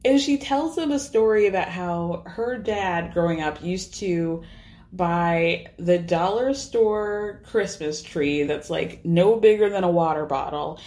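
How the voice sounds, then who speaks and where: Young woman, podcast host, casual recap, animated storytelling. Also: on the low side, slow pace. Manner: animated storytelling with voiced asides.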